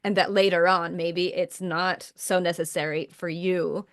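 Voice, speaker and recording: A woman's voice: on the low side, level tone, measured pace, no echo. A woman hosting a coaching podcast, reflecting back on what her guest says and sharing her own experience. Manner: reflective, summarizing, encouraging listener. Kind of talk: conversational interview.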